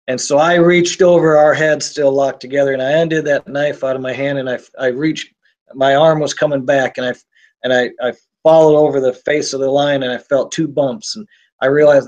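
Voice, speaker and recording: Halting, intense man telling his story. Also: mid-range voice, fairly even intonation, a little mellow. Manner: halting, repeats and restarts words, intense. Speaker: interview guest telling his survival story. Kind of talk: personal testimony in an interview.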